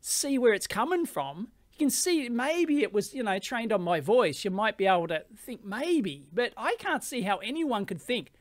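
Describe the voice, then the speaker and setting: A man's voice: high voice, sing-song, normal speed, hardly any pauses, dry recording. A man with an Australian accent hosting an electronics video, talking casually and bluntly and laughing often. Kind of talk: casual commentary.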